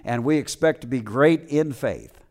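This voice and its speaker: A man's voice: medium pitch, lively intonation, moderate pace, darkish tone. A middle-aged man preaching a sermon as pastor, telling a story and calling out for amens, with frequent fillers.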